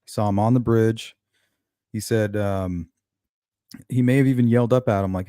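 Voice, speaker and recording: A man's voice: on the low side, fairly even intonation, moderate pace, pauses often, mellow, dry recording, clean studio sound. A man hosting a live true-crime stream, musing over a case and greeting viewers in chat. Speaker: host of a true-crime livestream. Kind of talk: casual live commentary.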